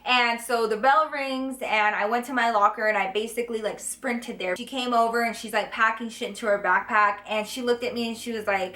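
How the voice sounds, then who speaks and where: A woman's voice: a little high, a little fast, few pauses, pushed and bright. A young woman vlogger telling a dramatic story to her viewers in a casual, profane way. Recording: echoey room.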